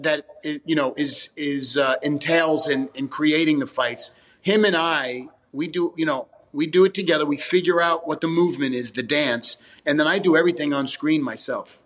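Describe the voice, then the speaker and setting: New man, high-pitched, rambling and blunt. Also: fairly bright tone. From New York, USA. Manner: rambling, swears freely, frequent restarts. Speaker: actor guest. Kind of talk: casual interview chat.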